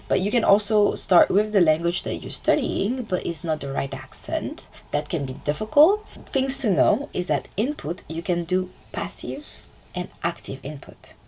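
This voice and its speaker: Husky, gravelly woman chatting casually. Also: on the low side, darkish tone. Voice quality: chatty, loose grammar, fillers like "like" and "poof". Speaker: language learning vlogger. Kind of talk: casual advice to camera.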